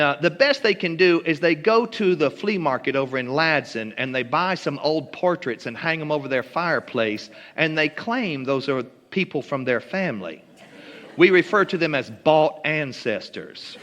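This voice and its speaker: A man's voice: on the high side, sharp tone, in a large hall. A man from Kentucky giving a humorous storytelling talk with dry, mock-genteel wit and ornate wording. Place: church hall.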